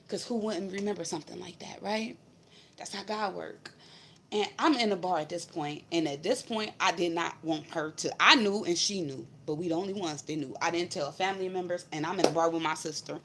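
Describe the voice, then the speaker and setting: A woman's voice: lowish voice, pushed and bright, a little hiss or hum. A woman vlogger telling a personal spiritual story in a blunt, emphatic, profane way. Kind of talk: casual storytelling to camera.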